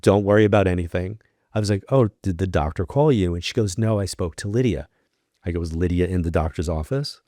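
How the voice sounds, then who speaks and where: A man's voice: low voice, a little fast, dry recording, clean studio sound. A man from New York, a podcast guest, telling a long personal story in casual talk and acting out the voices of the people in it. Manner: animated storyteller acting out quoted dialogue. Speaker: podcast guest, psychic medium.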